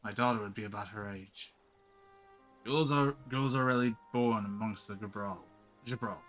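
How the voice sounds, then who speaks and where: A man voicing a grieving, lion-like male village elder, reading the game's dialogue in a measured, low-key way. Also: fairly bright tone, soft background music, natural voice. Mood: solemn.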